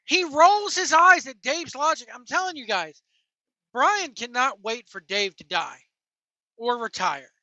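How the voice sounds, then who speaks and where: A woman's voice: sits high, animated, measured pace, pushed and bright, no room sound, highs cut off. A woman giving a profane, mocking rant reacting to wrestling clips, talking while driving. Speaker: wrestling commentary vlogger. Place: in a vehicle.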